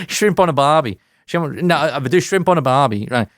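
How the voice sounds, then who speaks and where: A man putting on a halting, put-on Australian accent to impersonate an eager, pushy friend. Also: a little high, expressive, background noise, voice pushed up, natural voice. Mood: jokey. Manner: halting, laughing through a clumsy impression. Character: mock Aussie bloke, a friend, eager and pushy.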